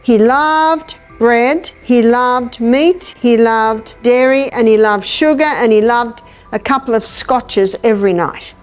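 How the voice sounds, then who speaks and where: A woman giving a health lecture, animated and telling a story while she acts out the dialogue. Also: fairly high pitch, slow pace, hardly any pauses, soft background music. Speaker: natural health educator.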